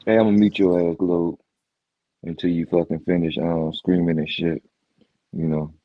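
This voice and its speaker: A man hosting a casual livestream chat. He is animated, repeats himself and dodges questions. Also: low-pitched, moderate pace, no room sound, dull audio. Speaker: livestream host.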